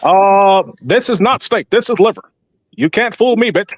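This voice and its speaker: A man's voice: high voice, moderate pace, pitched above the performer's own voice. A man putting on an impression of a foul-mouthed president angrily sending back his food order. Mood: indignant. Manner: cussing, indignant.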